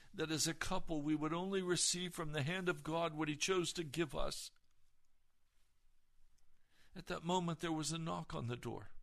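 A man's voice: on the high side, creaky, a bit bright. A male pastor giving an earnest, emotional testimony on a broadcast sermon.

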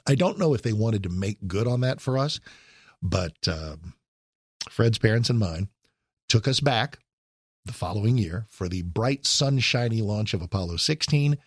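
A man's voice: fairly low pitch, husky, dry recording, clean studio sound. A man in his sixties, a radio host, telling a rambling personal story with wry asides and self-corrections. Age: 60s. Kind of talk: talk radio monologue, personal reminiscence.

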